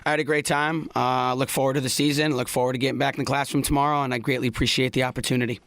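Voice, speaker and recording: A man's voice: medium pitch, flat delivery, rapid-fire, fairly bright tone, dry recording. A man with a New York accent, a basketball coach and teacher answering interview questions in an earnest, plain-spoken way with frequent restarts. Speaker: guest, high school basketball coach and teacher.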